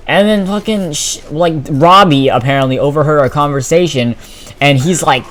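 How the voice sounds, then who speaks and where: A teenage boy telling a story in a casual vlog, profane, exasperated and animated. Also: on the high side, moderate pace. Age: teens. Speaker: vlogger.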